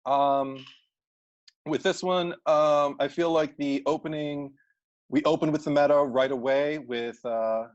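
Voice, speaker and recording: A man's voice: fairly high pitch, fairly even intonation, a little slow, lo-fi sound. A man co-hosting a casual movie discussion, thoughtful and analytical, often restarting his sentences. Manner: thoughtful, analytical, self-correcting. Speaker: podcast co-host.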